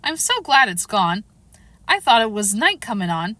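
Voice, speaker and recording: A woman's voice: mid-range voice, very animated, moderate pace, pushed and bright, no echo. A woman reading aloud, voicing a polite, curious little girl who asks earnest, puzzled questions. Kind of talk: audiobook character reading.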